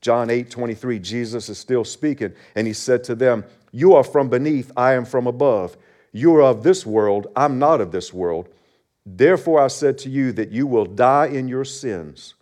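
A man preaching a church sermon in an earnest, emphatic way. He reads scripture passages aloud and presses each point home. His voice sits at an ordinary middle pitch. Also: normal speed, darkish tone. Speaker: pastor.

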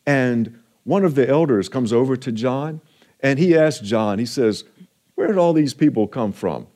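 Mellow-voiced man preaching a sermon. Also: mid-range voice, animated. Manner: earnest, encouraging preaching with slow emphatic stretches. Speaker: pastor.

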